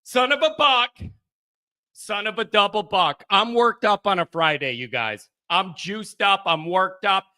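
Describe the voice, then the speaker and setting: A man hosting a live fan call-in stream, rowdy and jokey, reading chat comments and riffing loudly. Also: high-pitched, a little slow, hardly any pauses. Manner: rowdy and excitable, jokey, shouts bits for effect. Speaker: host of a fan call-in show.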